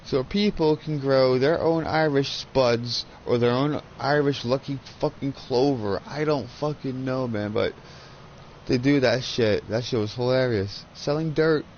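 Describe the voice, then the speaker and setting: A man's voice: medium pitch, a little slow, a little mellow. Gamer guy in his thirties, swears constantly and rambles through stories, headset mic, slightly dull sound with faint background hum. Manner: profane, rambling storyteller. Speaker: gaming channel host. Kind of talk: casual chat while gaming.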